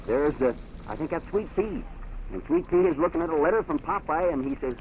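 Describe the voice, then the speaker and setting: A man's voice: medium pitch, animated, a little fast, low-quality recording. Middle-aged guy reading the funnies to kids on the radio, rambly and chuckly, lots of hiss. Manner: chatty, chuckling, rambling asides. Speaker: mayor reading comics on radio. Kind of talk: reading comic strips aloud to children. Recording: hissy 1930s radio archive recording.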